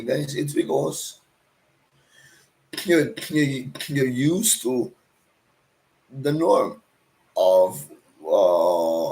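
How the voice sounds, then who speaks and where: A man's voice: mid-range voice, creaky, a little mellow, rough recording. A man with a Cebuano Filipino accent, a street vendor explaining his selling calls to viewers in a casual way, often asking "right?". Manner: ends sentences with "right?" and "guys".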